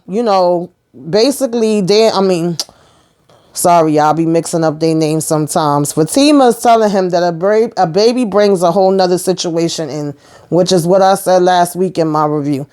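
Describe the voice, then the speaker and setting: A woman's voice: lowish voice, dark tone, smooth. A woman casually recapping a TV episode, retelling scenes with quoted dialogue. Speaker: TV recap host.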